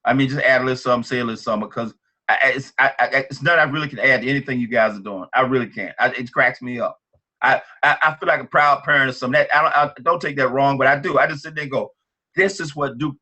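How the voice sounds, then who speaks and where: Bright fired-up man giving a pep talk. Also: medium pitch, racing. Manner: energetic, repetitive, fired up. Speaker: team leader on a business training call.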